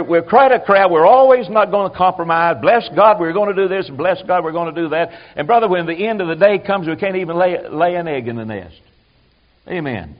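Male preacher mid-sermon, animated with quiet asides, slightly high voice, muffled old recording.

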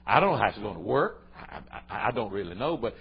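A man's voice: sing-song, fast, breathy edge. Man, emphatic folksy preacher, dull lo-fi sound. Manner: folksy and emphatic, swings between loud exclamations and low asides. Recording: dull lo-fi sermon recording.

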